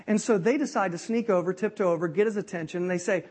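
A man telling a Bible story in an animated, conversational sermon, checking in with his listeners as he goes. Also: high voice, fast talker, few pauses, breathy edge. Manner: lively, conversational, checks in with the audience. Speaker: preacher teaching a Bible lesson.

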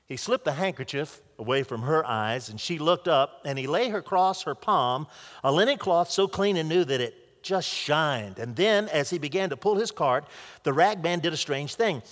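A man's voice: a little high, animated, moderate pace, a bit bright. A man preaching a sermon by retelling a story earnestly, with small restarts, in a large hall or church. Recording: long hall reverb.

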